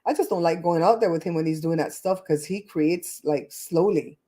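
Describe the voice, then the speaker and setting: A woman's voice: lowish voice, moderate pace, warm tone. A woman in her fifties, originally from Belize, hosting a casual livestream chat in a blunt, candid, cussing way. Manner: blunt, profane, candid storytelling. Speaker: host.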